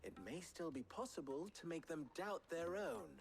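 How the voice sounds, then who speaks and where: Brief: a calm game innkeeper, animated intonation, deliberate, soft music under. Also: male voice, a little high, creaky. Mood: thoughtful. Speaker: game character.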